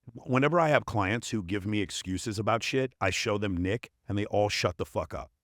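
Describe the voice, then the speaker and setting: A man's voice: fairly low pitch, moderate pace, no room sound, studio quality. A man talking as a podcast guest, blunt and profane, explaining his points with emphatic stories. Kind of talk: casual interview conversation.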